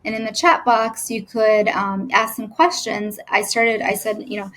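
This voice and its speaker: Thirties woman, nurse turned patient, telling her story in a monotone, hesitant delivery, emotion close to the surface. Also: medium pitch, slight background noise, poor audio. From United States. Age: 30s. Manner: halting, with many fillers and restarts. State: emotional at times. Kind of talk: personal story told to camera.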